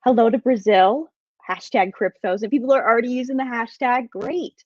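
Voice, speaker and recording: A woman guest-hosting a live podcast, bubbly and excitable, greeting viewers with lots of exclamations. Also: a little high, fairly quick, dry recording. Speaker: guest host. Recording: dry, slightly dull sound.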